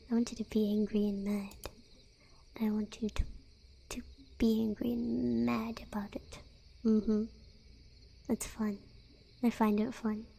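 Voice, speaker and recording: A woman's voice: fairly high pitch, vocal fry, mellow, breathy edge. A young woman streaming and chatting with viewers, teasing them playfully with giggles and whispered asides. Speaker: live streamer. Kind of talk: casual live-stream chat with viewers.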